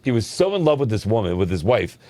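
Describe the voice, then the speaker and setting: A man's voice: on the low side, very animated, fast talker, dark tone, no echo. A man co-hosting an advice podcast, telling a long story in casual chat, swearing freely and checking in with "right?" as he goes. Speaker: podcast co-host.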